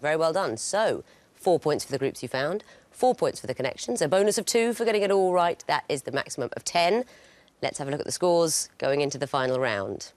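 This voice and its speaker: A woman hosting a quiz show, crisp and wry, announcing clues and scores with dry jokes. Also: deep voice, expressive, fairly quick, darkish tone, a little hiss or hum. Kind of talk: quizmaster patter with dry jokes.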